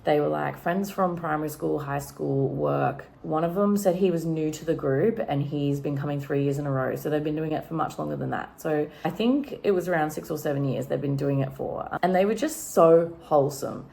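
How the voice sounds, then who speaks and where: A woman's voice: sits low, moderate pace, creaky, hardly any pauses, mellow. An Australian woman vlogging casually at home, telling a rambling story full of fillers. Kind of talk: casual chat vlog.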